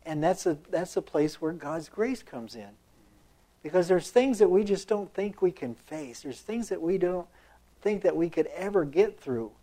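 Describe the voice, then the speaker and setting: A man's voice: sits high, animated, normal speed, dark tone. Man preaching a reflective sermon. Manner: conversational, reflective, many fillers and restarts.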